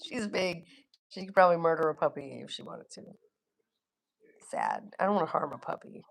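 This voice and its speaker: A woman's voice: low voice, huge pitch swings, fairly quick, gravelly, slight background noise. A middle-aged woman chatting casually on her livestream, reading viewer comments, laughing often and swearing bluntly. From Florida. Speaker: livestream host.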